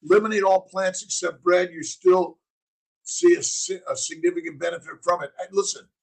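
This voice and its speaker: A middle-aged physician hosting a casual morning livestream, preaching in punchy slogans and answering chat comments. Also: male voice, high voice, level tone, normal speed, vocal fry, poor audio.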